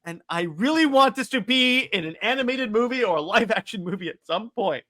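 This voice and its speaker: A man's voice: high voice, animated, fairly quick, pushed and bright. A man co-hosting a casual comic book podcast, enthusiastic, laughing often and tripping over his words. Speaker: podcast co-host.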